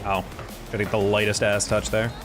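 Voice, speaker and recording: A man's voice: fairly low pitch, little pitch movement, moderate pace, over music. A young man streaming a game, chatting casually with his viewers and ranting about teammates with slang and swearing. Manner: laid-back, ranting with profanity and slang. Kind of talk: casual gameplay commentary to chat.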